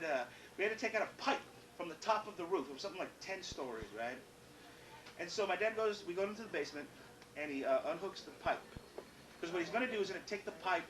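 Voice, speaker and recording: Brief: profane, self-mocking male stand-up storyteller, highish voice, echoey room, crowd. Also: distant mic. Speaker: comedian.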